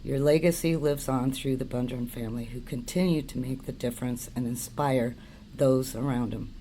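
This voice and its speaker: A man reading a heartfelt tribute in an earnest, measured way, with small slips. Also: medium pitch, fairly even intonation, mellow, a little hiss or hum, poor audio. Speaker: friend giving a tribute.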